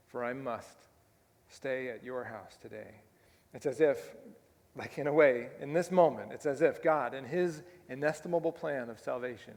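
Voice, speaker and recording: Conversational pastor in a reverberant church. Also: male voice, on the high side. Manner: conversational, rhetorical asides with tag questions. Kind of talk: sermon. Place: church sanctuary.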